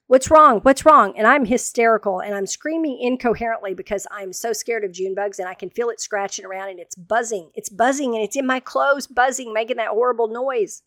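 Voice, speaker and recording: A woman in her sixties, telling a funny personal story to her regular listeners in a lively, dramatic way. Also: medium pitch, dry recording, studio quality. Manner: animated, dramatic, humorous retelling. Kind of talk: casual storytelling monologue.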